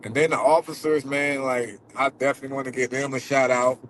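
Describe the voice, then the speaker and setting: A man's voice: mid-range voice, fairly even intonation, fast talker, a bit bright, slight background noise, low-quality recording. A man vlogging to his viewers from a car as he drives, loose and profane, and holding back tears. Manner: loose and profane, many fillers. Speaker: vlogger who catches predators. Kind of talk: casual vlog talk to viewers. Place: in a car while driving.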